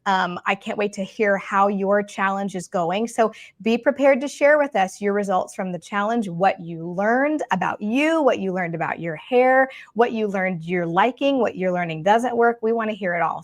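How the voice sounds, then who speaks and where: A chatty woman co-hosts a relaxed podcast about wavy hair. She talks freely, with lots of fillers and little asides, at a middle pitch. Her voice sounds dry and close, with little room sound. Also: no echo. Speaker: podcast co-host, curly hair expert. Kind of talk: casual podcast chat.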